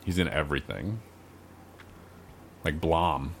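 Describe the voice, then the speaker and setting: A low-voiced young man chatting easily on a gaming podcast, loose and unhurried, tossing in swear words and filler ums. A faint hum of room ambience sits under his voice. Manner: laid-back, swears often, trails off with ums. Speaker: podcast co-host. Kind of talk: casual chat.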